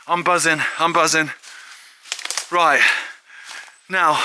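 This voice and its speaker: A man talking to the camera as he explores outdoors, chatty and quick to get excited. His voice is very bright and a little high for a man. There is a faint hiss of noise behind him. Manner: chatty and excitable, with frequent filler asides. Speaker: host of walking exploration videos. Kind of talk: casual walk-and-talk to camera. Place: outdoors in fields, woods and an old quarry.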